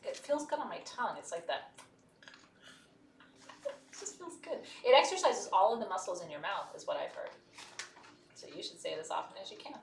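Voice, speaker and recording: A woman's voice: medium pitch, expressive, a little fast, pauses often, slight background noise. A woman hosting a live shopping stream, candid and chatty, laughing often. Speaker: host. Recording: roomy, distant mic.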